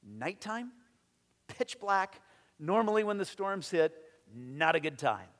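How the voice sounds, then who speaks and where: Male pastor, high voice, lively sermon delivery with acted-out quotes, hall reverb. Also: takes it slowly. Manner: animated, acts out voices in quotes, repeats words.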